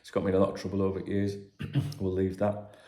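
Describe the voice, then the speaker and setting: A man's voice: deep voice, monotone, fast talker, warm tone. A middle-aged man hosting a football channel, reading transfer gossip in a casual, chatty way with cheeky jokes and the odd swear word. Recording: roomy echoey room.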